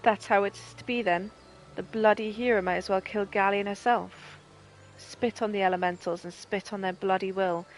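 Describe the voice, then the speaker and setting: A woman's voice: medium pitch, steady tone, normal speed, close to an everyday voice, rough recording. A Northern English woman voicing a proud, angry male resistance captain, reading his lines with bitter force.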